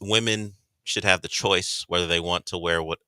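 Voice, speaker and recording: A man's voice: sits low, fairly even intonation, normal speed, bright, forceful tone, clear, resonant tone, no echo. A man in a radio studio chatting casually, asking curious follow-up questions. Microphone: studio microphone.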